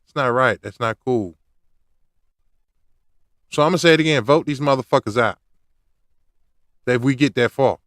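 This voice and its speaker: A man's voice: mid-range voice, normal speed, long pauses, fairly bright tone, dry recording, clean studio sound. A man hosting his own podcast, ranting in a loose, slangy way straight at his listeners. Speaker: podcast host. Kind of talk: casual rant to camera.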